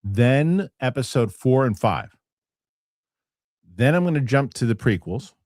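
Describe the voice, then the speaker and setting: A middle-aged man hosting a casual talk show, telling stories in an animated way with lots of restarts and fillers. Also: mid-range voice, unhurried, no room sound, clean studio sound. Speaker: show host. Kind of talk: casual chat.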